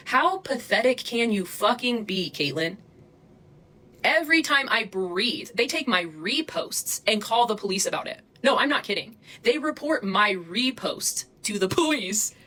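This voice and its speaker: A woman's voice: medium pitch, bright, forceful tone, low-quality recording. Woman on a phone livestream, mad and swearing, going off at people in chat. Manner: angry, profane, confrontational. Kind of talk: livestream rant.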